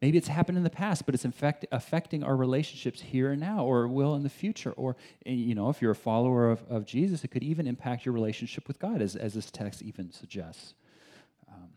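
A man preaching a sermon in a conversational, animated way, with rhetorical questions and frequent restarts. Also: medium pitch. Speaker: pastor.

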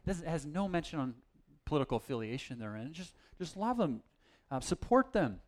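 A man's voice: a little high, big pitch swings, fairly quick. A man preaching a casual, self-deprecating sermon, with plenty of fillers and restarts. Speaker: pastor.

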